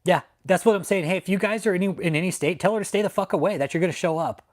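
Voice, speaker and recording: A man's voice: high voice, racing. A man hosting a live stream, ranting in anger, swearing a lot and repeating his threats, from Texas. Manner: heated, profane, repetitive. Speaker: channel host. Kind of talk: angry livestream rant. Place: home in San Antonio.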